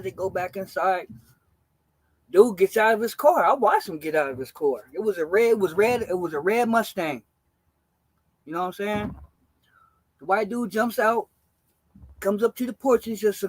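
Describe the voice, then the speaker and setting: A man streaming, telling a rough anecdote in a casual, profane, slangy way and acting out what people said. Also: sits high, lively intonation, normal speed, no room sound, rough recording. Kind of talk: casual storytelling.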